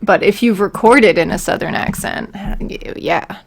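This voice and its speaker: A woman talking slowly in a gravelly, creaky voice, half to herself and half to her viewers. She thinks aloud through her work in a loose, unscripted way, answering questions from her chat as they come. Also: mid-range voice. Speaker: voicebank creator streaming. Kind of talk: casual live-stream chat, thinking aloud.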